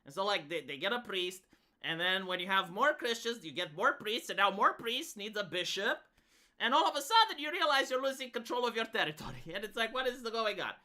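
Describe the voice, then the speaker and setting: A woman's voice: mid-range voice, big pitch swings, a little fast, bright, forceful tone. A woman from Romania, giving rambling, filler-heavy commentary on a casual live stream.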